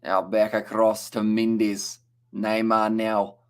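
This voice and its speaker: Speaking slowly with a completely flat delivery, this young New Zealander has a fairly low-pitched, clean-toned voice. He calls a football match live in a chatty play-by-play, reads viewer chat aloud between plays, and trips over names.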